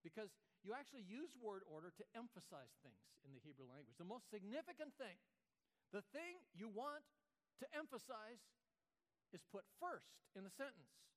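A man's voice: high-pitched, big pitch swings, normal speed, a bit bright. A male pastor preaching a sermon, asking rhetorical questions and often restarting his words.

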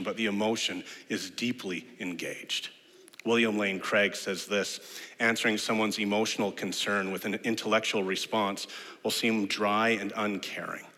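Male pastor preaching, bright and forceful, lively storyteller, long hall reverb. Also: fairly low pitch. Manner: animated storyteller who acts out quoted voices. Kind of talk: sermon.

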